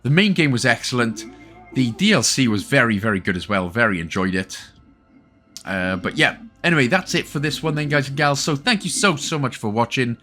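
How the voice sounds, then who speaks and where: A man's voice: medium pitch, animated, fairly quick, pushed and bright. A Welsh man hosting an achievement guide, talking chattily with joking asides. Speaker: gaming channel host. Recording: faint game music behind.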